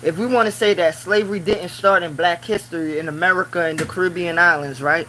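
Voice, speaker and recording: A man's voice: high voice, steady tone, fairly quick, a little hiss or hum, rough recording. A man hosting a casual live stream from his small office at work, talking in loose phrases full of "you know". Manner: talks in loose run-on phrases, many "you know" fillers; grows loud and preaching when riled. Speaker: livestreamer.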